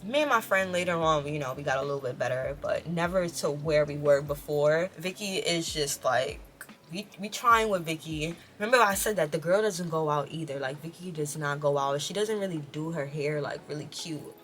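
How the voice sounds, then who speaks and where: A woman in her twenties telling a story on her vlog in an animated, slangy and profane way. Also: sits low, moderate pace, a little hiss or hum. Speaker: vlogger.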